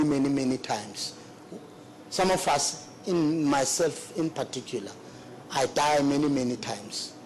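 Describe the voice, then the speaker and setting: A middle-aged man giving formal testimony at a hearing, earnest and remorseful, halting and repeating himself. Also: on the high side, slight background noise, low-quality recording. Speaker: witness at a public hearing.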